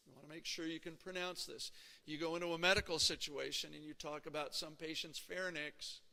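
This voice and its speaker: Gravelly, bright-voiced man lecturing in a hall. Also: on the high side, steady tone, brisk. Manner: conversational, checks in with frequent "okay?" and "right?". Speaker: anatomy lecturer. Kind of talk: classroom lecture.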